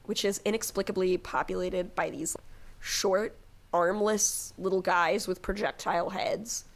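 Animated, jokey woman podcast co-host. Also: fairly low pitch. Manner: animated, jokey, acts out characters in quick voices. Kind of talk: casual book-discussion chat.

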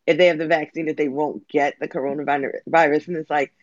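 A man chatting casually in an animated way, acting out what others say. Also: a little high, a little fast, no echo. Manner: animated, acts out voices of others. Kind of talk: casual chat. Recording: dull lo-fi dry sound.

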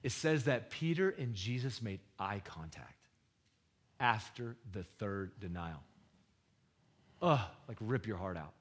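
A man preaching a sermon in a conversational, slangy way, swinging between loud bursts and hushed, low retellings of scripture. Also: lively intonation, slow pace, long pauses, breathy edge. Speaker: pastor.

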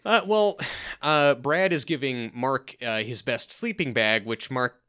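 A man chatting casually as a podcast co-host, recapping a sitcom with animated acting-out of lines and frequent restarts. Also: measured pace, smooth. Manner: animated, acts out quoted lines with big pitch jumps; frequent restarts and repeated words.

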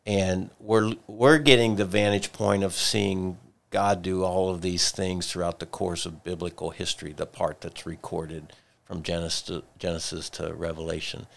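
A man's voice: low-pitched, little pitch movement, normal speed, gravelly, fairly bright tone. A man co-hosting a church discussion podcast, retelling a story in a thoughtful way and circling back to repeated questions. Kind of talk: reflective faith discussion.

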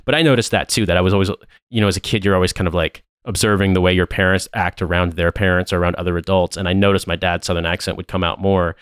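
American guy chatting fast on a podcast, kinda low voice, dry close sound. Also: steady tone, a bit bright, smooth, no echo. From United States. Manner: fast, rambling storyteller with laughs. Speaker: podcast host. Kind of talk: casual chat.

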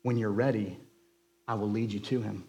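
A man doing a soft-spoken old wizard. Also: medium pitch, slight background noise, lightly acted. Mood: calm. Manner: soft and measured. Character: wise old male wizard, calm and kindly. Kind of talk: sermon read-aloud of a novel.

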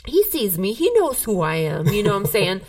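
A woman's voice: mid-range voice, a little fast, far from the mic. A woman co-hosting a podcast, telling a heated story in casual chat, swearing a lot. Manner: profane, animated, heated storytelling. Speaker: podcast co-host.

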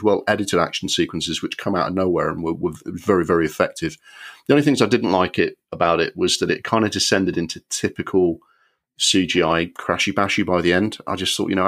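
A man's voice: low-pitched, fairly bright tone. A man co-hosting a podcast, giving opinionated film reviews in casual chat with frequent restarts. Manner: opinionated, rambling with many restarts. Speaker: podcast co-host.

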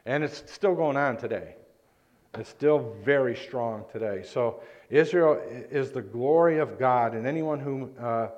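A man's voice: medium pitch, darkish tone. A man preaching a sermon in a church, talking conversationally and asking the congregation questions.

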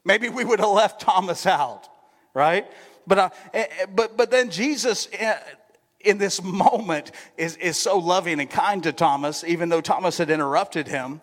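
Pastor, man, slightly high voice, chatty sermon delivery, long church reverb. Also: normal speed. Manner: conversational, keeps asking the congregation "right?". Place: church sanctuary.

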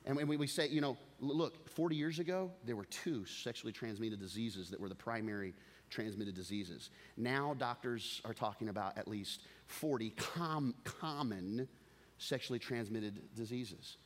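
A middle-aged man preaching a sermon as pastor, an animated storyteller who repeats words as he builds his point and chuckles through a funny story. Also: mid-range voice, moderate pace.

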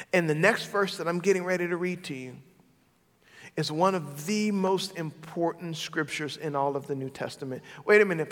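A man preaching a sermon as a pastor, swinging between loud declarations and hushed, intimate moments. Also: fairly high pitch, big-room sound.

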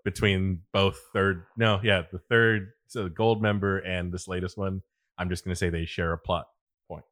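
A man's voice: deep voice, level tone, normal speed, a bit bright, no echo, clean studio sound. A young man co-hosting a casual chat, joking around and often breaking into laughter. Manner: jokey, laughs often, restarts sentences.

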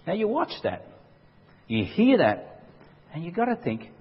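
A man preaching a sermon as pastor, animated and emphatic. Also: fairly high pitch, a little fast, slightly rough. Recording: dull sound in a reverberant hall.

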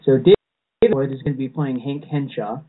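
A man's voice: mid-range voice, steady tone, brisk. A man chatting casually as a podcast co-host, rambling with frequent restarts and fillers. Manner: rambling, many restarts and "you know"s. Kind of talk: casual fan chat. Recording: tinny phone-like sound.

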